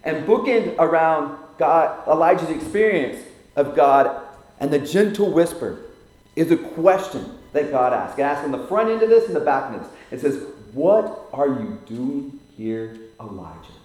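A male pastor preaching a sermon, swelling loud for emphasis and dropping to near-whispers. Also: on the high side, lively intonation, moderate pace. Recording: very echoey room.

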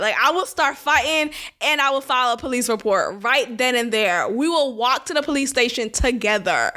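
A young adult woman hosting a solo podcast, talking in an animated, indignant way and laughing often. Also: fairly high pitch, moderate pace, hardly any pauses. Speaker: podcast host.

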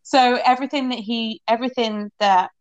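A middle-aged woman from England, a horsemanship coach, telling her stories in an animated, rambling way as a guest in an interview, laughing often. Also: a little high, moderate pace, dry recording, dull audio. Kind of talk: casual interview storytelling.

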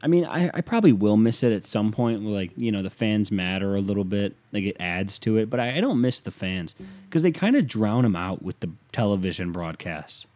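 A man's voice: lowish voice, lively intonation, brisk, darkish tone. A young man from Ohio hosting a casual sports rant, profane and sarcastic.

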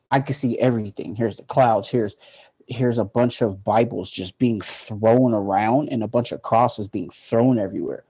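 A man's voice: medium pitch, moderate pace, mellow, husky. A man telling a personal story in a loose, casual way, with lots of "like" fillers. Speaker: guest.

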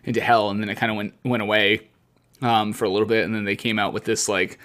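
A man's voice: on the low side, flat delivery, quick pace, fairly bright tone. A man co-hosting a casual podcast chat, ranting with emphatic repetition. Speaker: podcast co-host.

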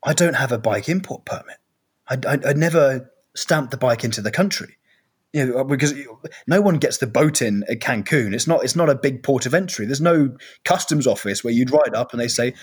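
A man telling a personal travel story in an animated, halting way, full of restarts. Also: medium pitch, breathy edge.

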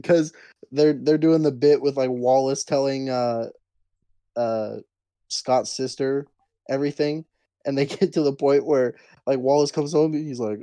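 A man's voice: mid-range voice, normal speed, warm tone, dry recording. A young man in casual movie talk, rambling laid-back through a scene with many fillers.

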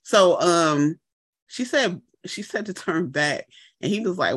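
A woman co-hosting a casual podcast, her pitch swinging widely as she tells stories. She acts out the people she quotes, jumping into high voices for them. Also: big pitch swings, a little slow, a bit bright, husky. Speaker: podcast co-host. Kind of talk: casual chat.

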